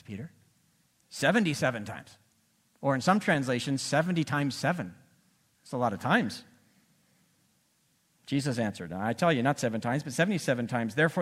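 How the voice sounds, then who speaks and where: Preaching as a pastor, this man has a somewhat high voice and swings back and forth from forceful, loud declarations to softer asides.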